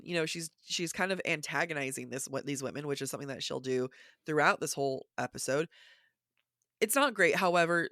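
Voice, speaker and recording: A woman co-hosting a book podcast in casual chat, her voice raspy from just waking, animatedly quoting passages and thinking aloud. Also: low voice, fairly bright tone, no room sound, clean studio sound. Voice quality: raspy morning voice. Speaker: podcast co-host. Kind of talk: casual literary discussion.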